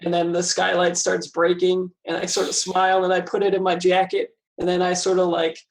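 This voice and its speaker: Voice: medium pitch, monotone, fairly quick, rough recording. A player in a tabletop game, giggly and rambling with many fillers. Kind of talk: tabletop game role-play.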